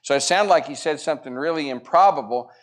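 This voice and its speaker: A man's voice: on the high side, fast talker. Guy teaching bible class at church, earnest, retells the story with little quotes and some uh's. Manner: earnest, retells scripture with quoted dialogue, frequent fillers.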